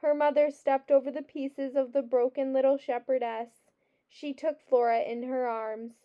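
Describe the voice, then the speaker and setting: A woman teacher reading a children's novel aloud with expressive storybook delivery, on a dull lo-fi recording. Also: high-pitched, moderate pace.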